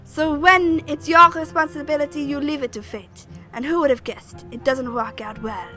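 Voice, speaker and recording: A woman voicing a sharp-tongued village witch who speaks in a dry, scornful way. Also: sits high, steady tone, normal speed, soft background music.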